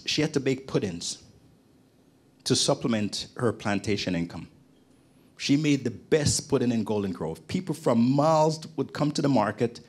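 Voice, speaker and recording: A middle-aged man from Jamaica, a podcast guest, telling his story in lively conversation and acting out the people he quotes. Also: medium pitch, breathy edge. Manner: animated storyteller, acts out quoted voices.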